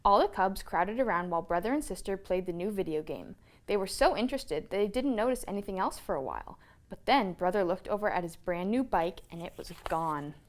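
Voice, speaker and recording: Animated woman reading a children's story. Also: mid-range voice, a little fast. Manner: expressive, animated read-aloud. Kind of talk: reading a children's picture book aloud.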